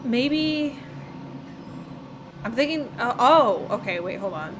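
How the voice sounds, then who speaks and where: A woman's voice: on the high side, animated, takes it slowly. A woman playing a horror game and commenting as she goes, nervous, muttering to herself and laughing from fear. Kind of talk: let's play commentary. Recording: home recording with noticeable background noise. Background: passing traffic noise.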